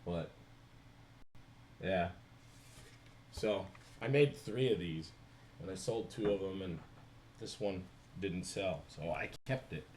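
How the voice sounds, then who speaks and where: A man's voice: low voice, slow, pauses often, darkish tone, a little hiss or hum. A man with a New Jersey accent, chatting casually on a live stream while he animates, thinking aloud and answering viewers.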